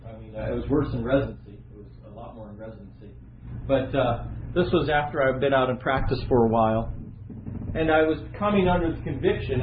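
A middle-aged man preaching a sermon, telling personal stories with lively asides and chuckles. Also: medium pitch, slight background noise. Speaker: lay preacher and physician. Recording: tinny echoey lo-fi recording.

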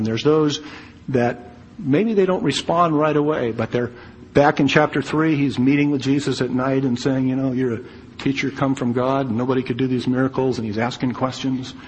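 A man's voice: mid-range voice, a little hiss or hum. A man preaching a verse-by-verse sermon, teaching in a conversational way with asides and fillers. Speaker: pastor. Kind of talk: expository sermon. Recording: long reverb, faint ambience.

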